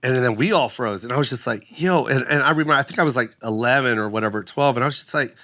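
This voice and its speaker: A man in his fifties, a guest comedian telling stories on a podcast in an animated, profane way. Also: medium pitch, quick pace. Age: 50s. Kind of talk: podcast conversation.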